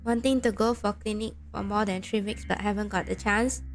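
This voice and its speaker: A woman speaks briskly in a mid-range voice with fairly even intonation, and there's a little hiss or hum on the audio plus game music behind her. She's a rambling streamer chatting casually with viewers while playing, reacting to chat with restarts and lots of "like."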